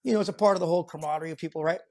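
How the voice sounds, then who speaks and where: A man's voice: on the high side, very fast, warm tone. A man who works as a construction foreman, a podcast guest telling a work story in a rambling, profane way full of fillers. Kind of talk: casual storytelling interview.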